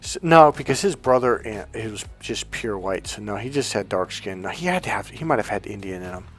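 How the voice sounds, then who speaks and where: A man's voice: on the low side, lively intonation, brisk, a bit bright. Rambling, chatty man coaching viewers. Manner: rambling, chatty, many fillers and restarts. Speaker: life coach. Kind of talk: casual storytelling monologue to viewers.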